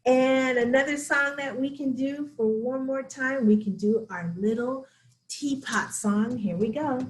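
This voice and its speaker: A woman children's librarian reading a storybook aloud to kids, her voice fairly high. She takes it slowly and expressively, leaning into each rhyme. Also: a little hiss or hum.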